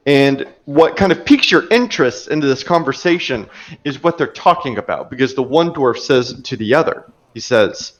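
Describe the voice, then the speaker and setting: A man's voice: mid-range voice, moderate pace, dull audio. A man running a tabletop game as game master, narrating with frequent fillers and laughs. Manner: laughs often, relaxed filler-heavy narration.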